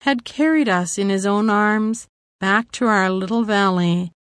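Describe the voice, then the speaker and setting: Slow, reflective woman narrator. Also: medium pitch, clean tone, no echo, clean studio sound. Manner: measured, reflective. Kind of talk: audiobook memoir narration.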